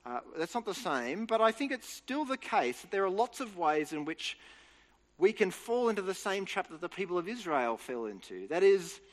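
A man's voice: high voice, very animated, moderate pace. A man giving an earnest, explanatory Bible teaching talk, restarting phrases as he goes. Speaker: preacher. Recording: reverberant hall.

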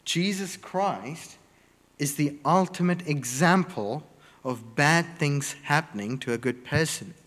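A man preaching a sermon, slow and deliberate, stressing words one by one in emphatic lists. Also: fairly high pitch, a bit bright, long reverb tail.

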